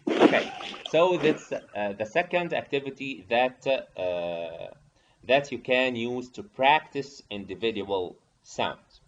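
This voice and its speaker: Slow-talking man teaching online. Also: medium pitch, lively intonation. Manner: slow, repeats prompts and coaxes participants. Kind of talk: online teacher training session. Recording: dull lo-fi audio with faint hiss.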